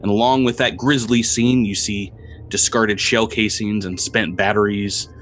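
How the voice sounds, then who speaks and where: A man narrating a tabletop game as game master, describing scenes with frequent pauses and repeated words. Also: lowish voice, fairly even intonation, fairly bright tone, a little hiss or hum. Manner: descriptive, halting with fillers and repeats.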